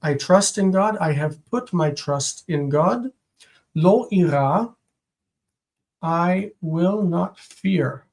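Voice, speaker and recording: A teacher works through a live-streamed homework review, reading each Hebrew phrase and then translating it piece by piece. The pace is unhurried and deliberate, with long pauses between fragments. The voice sits at a middle pitch, and small slips get corrected as the lesson goes on. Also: animated, a little mellow, poor audio.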